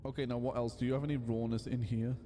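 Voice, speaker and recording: A young man giving playful, excitable live commentary while streaming a game, full of loud exclamations and silly voices. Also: mid-range voice, fast, in a large hall, a little hiss or hum.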